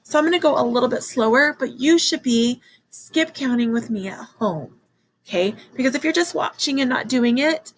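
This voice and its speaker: A woman teaching a children's math lesson, excited and encouraging as she counts along with her class. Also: high voice, normal speed, a little hiss or hum, rough recording.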